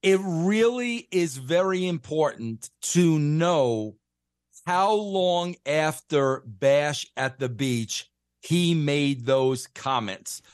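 A man's voice: on the high side, animated, very slow, clean tone, no room sound, studio quality. A man calling in as a guest on a talk show, speaking emphatically and repeating himself. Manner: emphatic, insistent, many repeats. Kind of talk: casual talk on a call-in.

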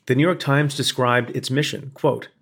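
A man, a former prosecutor, reading a scripted opinion essay in a measured, pointed way with building emphasis. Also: medium pitch, steady tone, creaky, a bit bright. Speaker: former prosecutor narrating commentary.

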